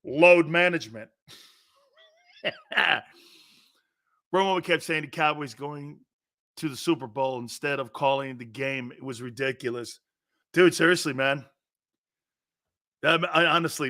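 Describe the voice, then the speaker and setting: Loud, mocking sports radio host, a man. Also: fairly high pitch. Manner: loud, mocking, puts on voices and laughs often. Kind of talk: animated sports talk rant.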